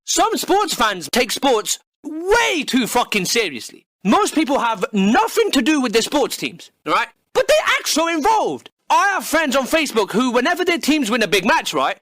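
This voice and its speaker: Guy w a super high squeaky voice, swearing and mocking, dry close sound. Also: big pitch swings, normal speed, few pauses, a bit bright, dry recording. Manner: profane, mocking, rhetorical. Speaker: channel host. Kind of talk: comedic rant.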